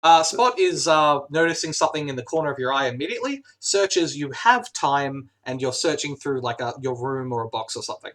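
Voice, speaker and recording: A man's voice: a little high, expressive, fairly quick, hardly any pauses, a bit bright. A man running a tabletop role-playing game as game master, narrating scenes with frequent "uh" fillers and restarts. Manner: hesitant, many "uh" fillers.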